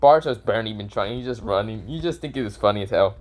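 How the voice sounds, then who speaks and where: A man's voice: fairly low pitch, lively intonation, very fast, a little mellow. A young man improvising a fan story, rambling and correcting himself, swearing casually.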